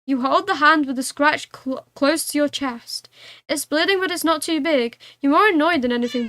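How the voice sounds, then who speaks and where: Bright, high-voiced playful woman streamer. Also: a little fast. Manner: giggly, playful, meows between lines. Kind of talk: game commentary and reading aloud.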